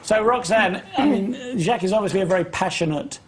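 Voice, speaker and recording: A man's voice: sits high, a little fast, a crowd in the background. A man hosting an interview, chatty and interjecting. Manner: conversational, interjecting. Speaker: host.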